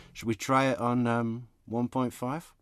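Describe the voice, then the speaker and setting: A male host giving casual, relaxed commentary with chuckling asides. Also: medium pitch, smooth, no room sound, clean studio sound. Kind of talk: casual commentary on a true crime show.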